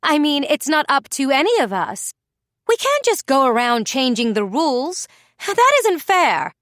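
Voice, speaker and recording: A woman's voice: high-pitched, sing-song, a little slow, a bit bright, dry recording, clean studio sound, voice pushed up, full character voice. A woman voicing a flustered, defensive young female writer in a storybook reading. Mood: agitated.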